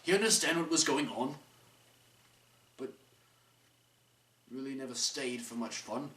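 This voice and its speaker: A man's voice: mid-range voice, unhurried, bright, forceful tone. A young man narrating an amateur rhymed story in a playful, sing-song way. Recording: roomy, distant mic, faint noise.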